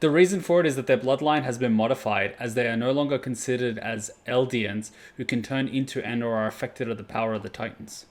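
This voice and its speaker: A young man hosting an anime reaction video, chatting casually with plenty of swearing and sudden loud outbursts. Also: mid-range voice, fairly quick, few pauses. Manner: profane, animated, breaks into loud outbursts.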